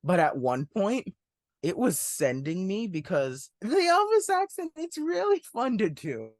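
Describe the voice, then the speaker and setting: A man's voice: high voice, very animated, a little slow, no room sound. Casting note: a young male podcast host. He reviews a film in an upbeat, chatty way, with a dry, close sound. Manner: enthusiastic, laughs while talking, says "one hundred percent". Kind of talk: casual movie review chat.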